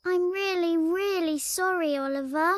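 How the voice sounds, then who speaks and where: A man voicing a mysterious, sorrowful little girl in a video game, speaking slowly and apologetically. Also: very high-pitched. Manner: slow, apologetic. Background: game music.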